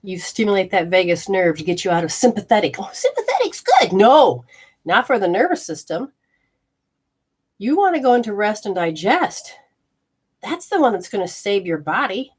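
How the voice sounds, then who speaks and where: Husky-voiced woman teaching self-healing points. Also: medium pitch, lively intonation, normal speed, a little mellow. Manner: emphatic, talks straight to the viewer with rhetorical questions; folksy, exclamatory asides. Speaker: host and energy healer. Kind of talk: instructional health show.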